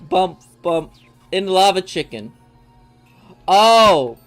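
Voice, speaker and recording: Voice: medium pitch, sing-song, takes it slowly, faint music behind. A young adult streamer in casual, joking banter with friends during a live game session, laughing often and swearing freely. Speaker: gaming streamer.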